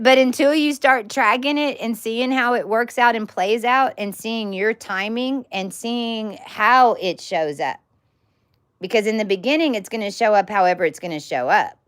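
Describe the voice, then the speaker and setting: A woman giving a casual teaching talk to her followers, blunt and emphatic, swearing freely and repeating words in bursts. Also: fairly high pitch. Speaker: spiritual teacher.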